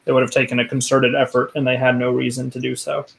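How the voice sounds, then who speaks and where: Male game master, gravelly tone, halting narration full of restarts. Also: medium pitch, flat delivery, rough recording. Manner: halting, many ums and restarts.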